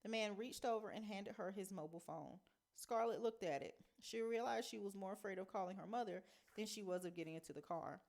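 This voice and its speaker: A woman teacher reading a novel aloud in a measured storytelling manner. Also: medium pitch, creaky, darkish tone.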